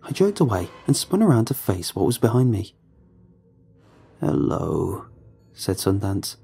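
Male horror narrator, measured and somber, dark husky voice, faint music behind. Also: lowish voice, big pitch swings. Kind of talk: scripted horror story narration.

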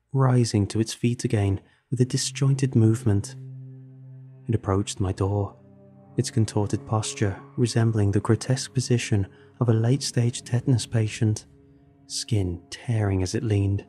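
A man with a lowish, mellow voice narrates a first-person horror story. He reads in a measured, dramatic way, with soft music playing faintly underneath. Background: faint background music.

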